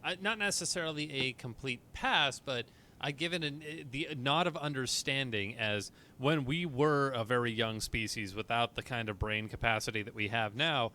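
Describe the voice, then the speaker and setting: A man's voice: medium pitch, normal speed, pushed and bright, slight background noise. A man co-hosting a casual podcast, rambling and hunting for words, swearing and laughing easily.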